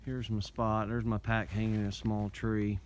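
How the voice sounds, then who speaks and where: A man with an Indiana accent and a fairly low voice talks into a handheld phone outdoors in the winter woods, with a faint outdoor hiss behind him. He rambles in a relaxed, folksy way, slightly winded from climbing uphill. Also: rough recording. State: out of breath while hiking uphill. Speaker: bushcraft vlogger. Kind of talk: casual narration to camera. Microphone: phone held in hand.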